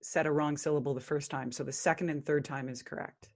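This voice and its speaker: A woman guest on a podcast talks earnestly about spiritual practice. Her voice sits on the low side, and at times she chants mantras slowly. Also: fairly even intonation, a little mellow. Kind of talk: spiritual interview talk.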